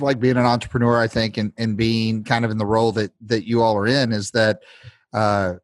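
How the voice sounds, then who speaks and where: A man's voice: lowish voice, no room sound. A young man, an entrepreneur, reflecting in a casual interview with many fillers.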